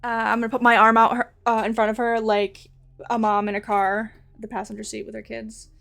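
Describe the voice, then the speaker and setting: Female tabletop player, slightly high voice, chatty and animated. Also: a little fast, gravelly, soft background music. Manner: lively, animated describing actions. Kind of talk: casual tabletop play.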